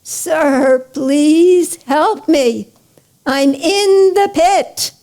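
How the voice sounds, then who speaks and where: A woman's voice: fairly high pitch, animated, moderate pace, creaky, warm tone, husky, full character voice. A woman voicing a desperate man stuck in a pit, pleading with rising urgency in a raised voice.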